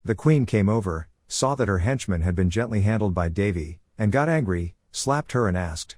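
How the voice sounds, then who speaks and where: A man reading a manhwa recap as scripted story narration, in a flat, even delivery. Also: lowish voice, normal speed, few pauses, dry recording.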